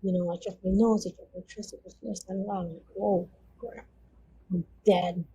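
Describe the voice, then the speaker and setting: Earnest woman with a mellow voice. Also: mid-range voice, steady tone, fast, highs cut off, a little hiss or hum. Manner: earnest, conversational, frequent 'you know' fillers. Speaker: interview guest. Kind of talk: personal testimony storytelling.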